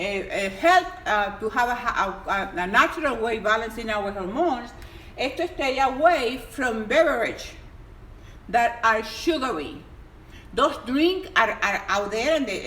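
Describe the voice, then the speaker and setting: A woman's voice: on the high side, fairly bright tone. A woman giving health advice on a casual live stream, emphatic and exuberant, sometimes pleading. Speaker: health coach. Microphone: phone on a live stream. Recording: echoey room with faint background noise.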